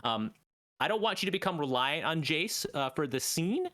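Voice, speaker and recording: A man's voice: on the high side, very animated, normal speed, sharp tone. A man hosting a podcast, leading improv games in a rambling, mock-teacherly way full of fillers. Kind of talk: casual chat.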